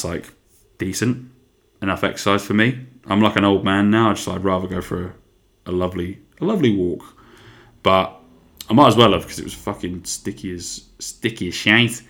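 A man's voice: low-pitched, fairly bright tone. A young man hosting his own podcast, rambling in casual chat, swearing freely and poking fun at himself. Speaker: podcast host.

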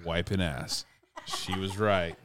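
A man's voice: sits low, takes it slowly, a crowd in the background. A man telling a story in casual podcast chat, swearing freely and laughing along with his co-host. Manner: profane, laid-back, laughs along.

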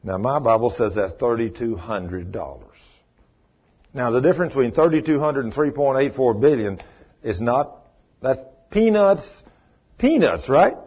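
A man's voice: mid-range voice, animated, unhurried, breathy edge. An older man preaching a sermon, telling the story in a folksy way and acting out the lines of the people in it. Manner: folksy storytelling with acted-out dialogue. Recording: muffled lo-fi recording.

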